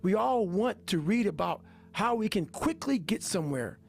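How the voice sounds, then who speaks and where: Gravelly high-pitched man, intense and profane. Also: expressive, normal speed. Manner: intense, profane, hammering repetition. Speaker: motivational speaker. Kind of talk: motivational talk. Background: faint music.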